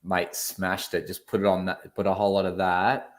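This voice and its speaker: An Australian man co-hosting a relaxed online chat, spinning a lively anecdote. He speaks in a fairly low voice, with a loose, animated delivery and a casual swear or two thrown in. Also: moderate pace. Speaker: co-host.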